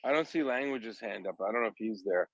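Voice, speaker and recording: Joking chatty guy with a lowish voice, stops and restarts a lot, dry close sound. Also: animated, fast talker, no room sound, poor audio. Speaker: panel regular asking questions. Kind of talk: casual online discussion.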